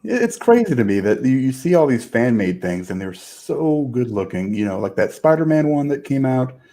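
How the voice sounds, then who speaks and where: A man co-hosting a podcast, talking in an easygoing, agreeable way in quick back-and-forth. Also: medium pitch, very animated, dark tone. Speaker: podcast co-host. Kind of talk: casual podcast chat.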